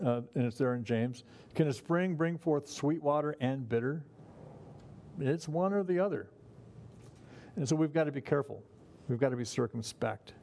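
Guy preaching, easygoing folksy sermon, kinda mellow warm voice. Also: mid-range voice, creaky. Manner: folksy, chuckles at his own remarks. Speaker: pastor. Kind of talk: conversational sermon.

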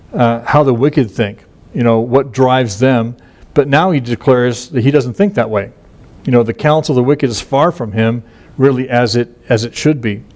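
A middle-aged man, a pastor, walks listeners through a passage of scripture in a loose, conversational way. He often stops and restarts his sentences and leans on fillers, then slows into a steadier cadence when he reads the verses aloud. His voice sits at an ordinary male pitch. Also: darkish tone. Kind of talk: informal Bible teaching.

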